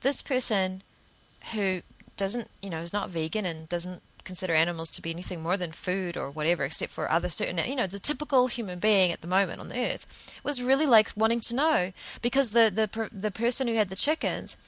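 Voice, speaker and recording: A woman's voice: medium pitch, brisk, fairly bright tone, poor audio. A young woman hosting a podcast, talking in a casual, reflective monologue that rambles earnestly through fillers and restarts. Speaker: podcast host.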